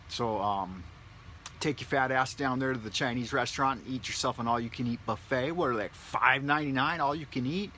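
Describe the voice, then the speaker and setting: A man's voice: medium pitch, moderate pace, pushed and bright. A man vlogging from his home in a big city, rambling in a loose, joking way and swearing freely. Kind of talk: rambling casual monologue.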